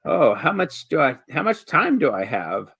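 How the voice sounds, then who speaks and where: Man putting on a stammering, flustered old rambler for a tabletop game, voice pitched up, dry sound. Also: very animated, normal speed, fairly bright tone, husky, no room sound, exaggerated voice. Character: rambling older man talking through a messenger bird.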